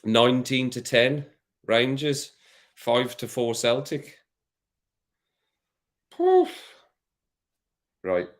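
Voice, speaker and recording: A man's voice: mid-range voice, very slow, pauses often. A man vlogging in casual chat, thinking aloud with jokey asides while placing bets.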